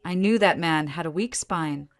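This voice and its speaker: A woman voicing an angry, protective mother who speaks low, her voice vibrating with anger. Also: moderate pace. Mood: quiet fury. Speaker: narrator's mother.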